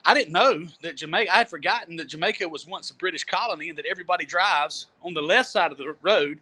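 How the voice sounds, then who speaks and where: A man telling a travel story in a casual, animated way, often laughing and repeating words as he goes. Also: on the high side, fast talker. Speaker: storyteller guest. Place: Jamaica.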